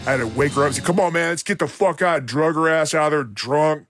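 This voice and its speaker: A man's voice: on the high side, fast, over music. A man hosting a podcast, telling a rambling, profane story in blunt casual talk. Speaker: podcast host.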